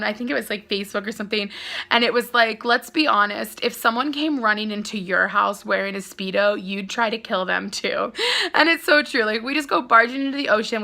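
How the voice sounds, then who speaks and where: A woman's voice: fairly high pitch, sharp tone. A young woman author telling a casual story-time vlog, gushing and full of filler words. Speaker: author and vlogger.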